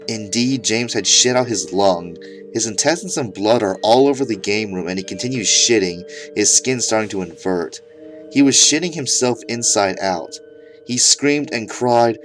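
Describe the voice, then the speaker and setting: A man's voice: mid-range voice, expressive, normal speed, faint music behind. Mock-serious man reading a horror story. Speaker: narrator.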